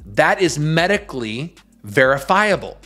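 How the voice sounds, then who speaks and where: A male host delivering preaching-style commentary with emphatic, scornful force. His voice sits a little higher than most men's, and faint music plays under it. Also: very animated, measured pace, pushed and bright.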